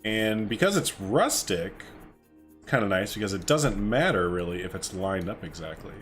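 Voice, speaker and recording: Lively upbeat male game streamer. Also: fairly low pitch, normal speed. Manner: upbeat, chatty, answers chat and exclaims. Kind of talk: casual live stream chat while building. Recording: faint music behind.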